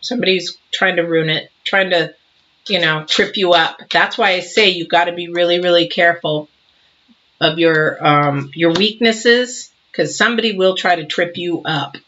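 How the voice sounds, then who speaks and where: Woman, 60s, tarot reader, preachy and animated, slightly muffled home recording. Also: lowish voice, moderate pace. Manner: emphatic, preachy, acts out little scenes. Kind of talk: casual tarot reading monologue.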